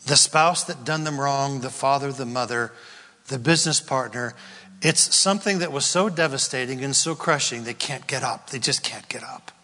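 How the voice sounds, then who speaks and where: A male pastor preaching a sermon, emphatic and swinging between loud declarations and hushed whispers. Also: mid-range voice, normal speed, big-room sound.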